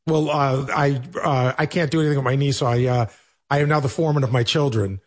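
A man's voice: mid-range voice, fairly even intonation, fast. A man on a radio show animatedly telling a self-mocking story, acting out both sides of the conversation. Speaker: radio show regular, producer.

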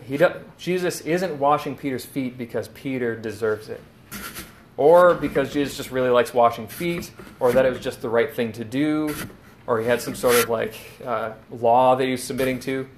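A man's voice: medium pitch, a little hiss or hum. A man preaching a sermon, earnest and explanatory, retelling scenes in quoted lines.

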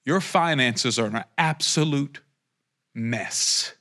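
A man's voice: slow pace, bright, forceful tone. A man preaching a prophetic sermon, speaking directly to listeners with passion and joking asides. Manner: impassioned, joking asides, rising to a fervent pitch.

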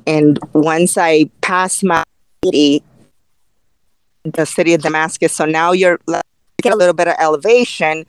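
A woman telling a long race story in a podcast interview, animated and full of fillers, acting out what people said to her. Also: deep voice, moderate pace, no echo, poor audio. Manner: animated, tells the story through quoted dialogue with many fillers. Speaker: race director and ultrarunner guest.

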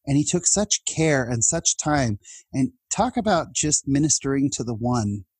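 A husky-voiced man in his fifties tells personal stories as a podcast guest. He speaks in a heartfelt, chatty way and often starts his sentences over. The sound is close and dry, with no room echo. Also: mid-range voice, animated, a little slow, a little mellow. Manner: heartfelt and chatty, with laughs and restarts. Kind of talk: personal storytelling in an interview.

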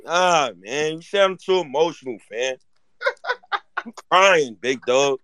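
A man hosting a fan chat room, loud and teasing as he trash-talks a rival fan. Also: a little high, expressive, takes it slowly, long pauses, clean tone, dry recording. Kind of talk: heated casual fan banter.

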